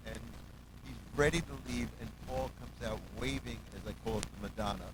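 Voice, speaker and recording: A man's voice: quick pace, noisy background. A man, a musical director, telling stories in a casual interview, acting out quotes and humming and counting out music. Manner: animated, acts out quotes, hums bass lines and counts beats.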